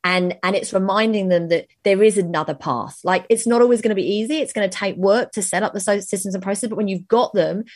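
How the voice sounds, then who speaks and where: A woman's voice: medium pitch, fast talker, hardly any pauses, dry recording, clean studio sound. A woman, a business coach telling stories in a casual podcast chat and acting out her clients' voices. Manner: animated storytelling, acts out clients' voices.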